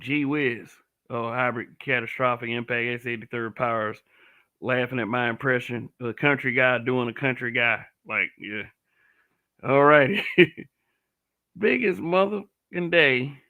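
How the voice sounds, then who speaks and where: Blunt man, bright voice. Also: medium pitch, unhurried. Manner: blunt and profane, many restarts and stammers. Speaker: commentator. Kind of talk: casual commentary to camera.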